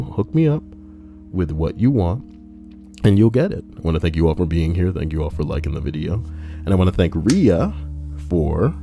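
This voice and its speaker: Soft music plays faintly behind a low-pitched man with a dark, mellow tone as he reads online posts aloud on a live stream. His delivery is casual, and he keeps cutting in with playful, mock-dramatic jokes.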